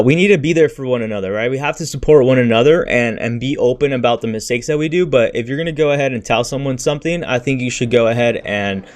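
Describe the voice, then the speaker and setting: A man streaming about crypto trading, talking in a blunt, slangy, frustrated way and venting about his losses. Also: medium pitch. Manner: blunt and slangy, says "freaking", "bro" and "dude" often. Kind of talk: casual livestream rant and market talk.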